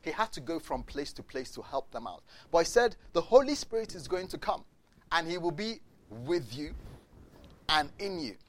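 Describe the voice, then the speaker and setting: A man delivers a sermon in a voice that sits a little on the high side. He tells the story with energy, slipping into the voices of the people in it. He keeps turning to the congregation with direct questions. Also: big pitch swings, normal speed. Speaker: preacher.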